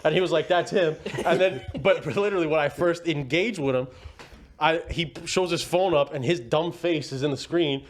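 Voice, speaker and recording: A man on a casual podcast tells a long, rambling story and acts out what everyone said. His voice sits a little high. The talk is loose and chatty. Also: moderate pace, slight background noise. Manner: rambling, animated anecdote with quoted dialogue. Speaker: podcast host.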